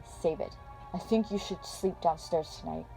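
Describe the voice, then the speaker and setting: A stern, weary father with a lowered voice and a cold, clipped way of speaking, put on by a woman reading a story aloud. Soft music sits faintly behind him. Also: steady tone, moderate pace, creaky, poor audio. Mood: cold anger. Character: stern grown man, a weary disappointed father.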